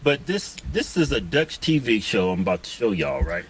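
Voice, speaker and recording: A man's voice: fairly low pitch, big pitch swings, moderate pace, breathy edge. A man co-hosting in casual banter, blunt and brash, cutting in on others. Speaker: co-host.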